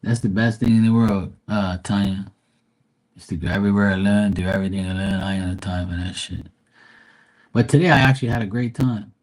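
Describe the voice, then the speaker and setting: A man's voice: on the low side, brisk. A man chatting on a livestream, telling rambling stories full of swearing and jokes. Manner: profane, rambling,喜 joking. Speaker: livestream tarot reader. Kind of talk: casual livestream storytelling.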